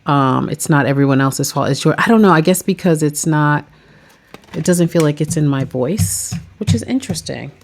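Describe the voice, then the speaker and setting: A woman's voice: low voice, lively intonation, moderate pace. A woman chatting casually about her tarot decks, rambling and saying "like" a lot. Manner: chatty, rambling, says "like" often. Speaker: tarot reader and vlogger. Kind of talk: casual chat.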